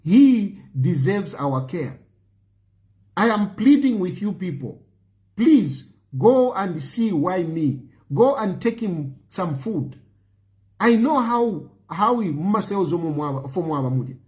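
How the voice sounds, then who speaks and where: A man's voice: high voice, big pitch swings, slow pace, darkish tone. A man with a Zambian accent delivering an impassioned political monologue as a show host, pleading and emphatic, repeating his phrases and slipping in Bemba words. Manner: mixes Bemba phrases into English.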